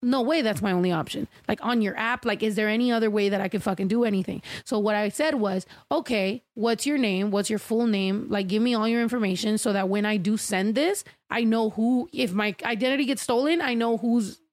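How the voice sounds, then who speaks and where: A woman's voice: medium pitch, fairly quick, few pauses, no room sound. A woman telling a rambling, profane story in casual chat, acting out the people she quotes.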